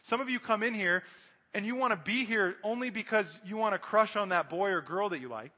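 Male preacher with a high voice, earnest and straight-talking to the church, reverberant hall. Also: fairly quick, pushed and bright. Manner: earnest, direct, addresses the congregation. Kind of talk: sermon.

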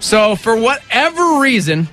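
Playful male radio co-host, animated. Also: extremely high pitch, measured pace, soft background music. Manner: playful, jokey, slips into silly voices. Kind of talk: casual morning radio banter.

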